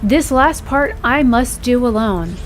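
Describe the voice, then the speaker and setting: A woman's voice: a little high, animated, a little hiss or hum. Woman reading as Baba Yaga, stern ancient witch. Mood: solemn. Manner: slow, solemn reading. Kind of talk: reading game dialogue aloud.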